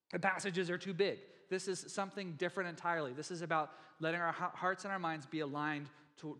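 A man preaching a sermon to his church in a relaxed, conversational way, with many fillers and restarts. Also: high voice. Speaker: pastor. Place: church sanctuary. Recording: long hall reverb in a church.

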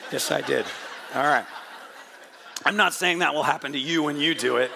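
Hoarse gravelly guy preaching a sermon, a bit high for a man, chatty, cracks jokes. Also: normal speed, noisy background. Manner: chatty, joking, restarts often. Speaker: pastor. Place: church hall before a congregation.

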